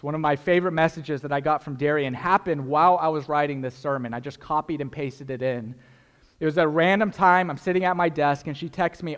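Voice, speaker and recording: Earnest young preacher in a reverberant hall. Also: male voice, a little high, normal speed. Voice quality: earnest, emphatic, repeats key phrases for effect. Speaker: pastor. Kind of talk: sermon.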